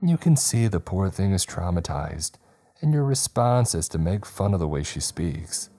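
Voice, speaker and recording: A man's voice: low-pitched, very animated, normal speed, dark tone, faint music behind, exaggerated voice. A man voicing a blunt young woman patient who teases and scolds. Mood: teasing.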